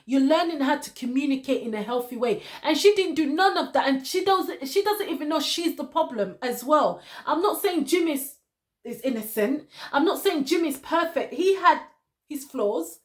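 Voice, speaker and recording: A woman with a high voice talks straight at a reality-show contestant as if giving her advice. She hammers her points home by repeating the same phrase again and again. Her tone is opinionated and direct, like a stern talking-to. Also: animated, normal speed. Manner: lecturing, repeats phrases for emphasis, addresses the cast member directly. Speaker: TV show reviewer.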